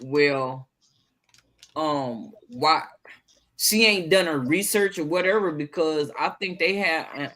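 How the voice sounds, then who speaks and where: A woman's voice: low-pitched, slow, a bit bright. A woman in a casual chat, giving her frank opinions.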